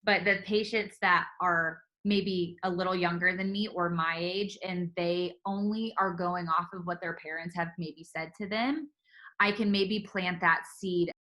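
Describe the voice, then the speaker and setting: Woman, co-host, casual chat, supportive, bright tone, slightly low. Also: fairly even intonation, lo-fi sound. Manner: supportive, quick reactions. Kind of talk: casual conversation.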